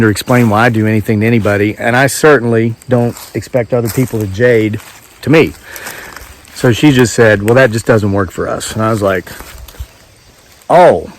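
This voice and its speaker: A man's voice: lowish voice, slight background noise. A man vlogging outdoors in the woods, telling a rambling, wry story with lots of asides. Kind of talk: casual storytelling monologue.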